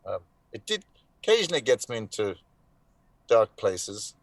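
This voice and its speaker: A man, an actor being interviewed, telling animated anecdotes in casual conversation, often restarting his sentences. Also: on the low side, moderate pace, vocal fry, no room sound.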